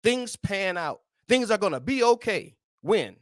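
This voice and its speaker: Animated, high-voiced man preaching encouragement. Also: a little slow, few pauses, no echo, clean studio sound. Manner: emphatic, repetitive preaching cadence. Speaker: podcast host. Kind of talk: motivational faith talk.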